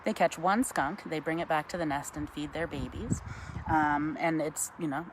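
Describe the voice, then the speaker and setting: A woman, giving a chatty live-stream talk outdoors, greeting viewers by name and cooing softly to an owl. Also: deep voice, moderate pace, slight background noise. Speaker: wildlife educator.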